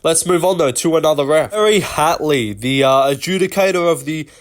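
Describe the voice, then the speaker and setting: A man's voice: on the high side, fairly quick. A man hosting a casual commentary vlog, rambling and swearing with lots of fillers. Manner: rambling and profane, many fillers. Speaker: host.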